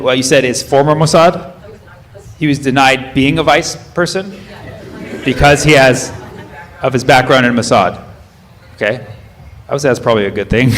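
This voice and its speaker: A man from the United States doing stand-up crowd work, questioning the audience in a quick, playful way. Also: medium pitch. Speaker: stand-up comedian. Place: comedy club with a live audience. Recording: live stage recording with crowd noise.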